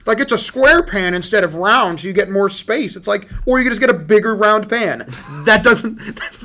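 Animated, laughing man, swearing casually. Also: sits high, moderate pace, a little hiss or hum. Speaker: podcast host. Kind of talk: casual chat reviewing a movie.

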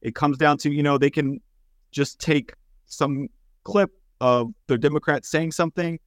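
Man from Texas, podcast guest, slightly high voice. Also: no room sound, clean studio sound. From North Texas, USA. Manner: conversational, measured, some hesitations. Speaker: podcast guest, concerned parent. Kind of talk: casual political chat.

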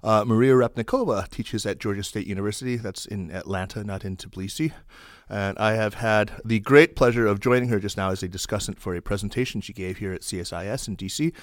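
A man's voice: on the low side, a little fast, dry recording, studio quality. A man hosting a podcast, giving an upbeat, emphatic introduction and chatting with his guests. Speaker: podcast host.

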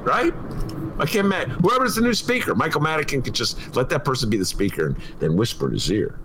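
Gravelly, animated man. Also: mid-range voice, fairly quick, slight background noise. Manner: animated, laughing, mimics people mid-story. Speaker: co-host, columnist. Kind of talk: casual political chat.

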